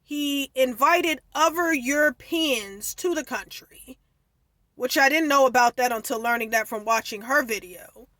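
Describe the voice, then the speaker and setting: Bright-voiced opinionated woman vlogger. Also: high-pitched, unhurried, no room sound. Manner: opinionated, digressive, explains history. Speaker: commentary vlogger. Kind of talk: casual commentary.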